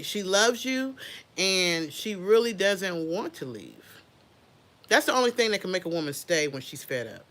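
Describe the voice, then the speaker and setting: A woman hosting an unscripted livestream, chatting casually and talking straight to her viewers. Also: mid-range voice. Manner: animated, chatty, addresses viewers directly. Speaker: livestream host.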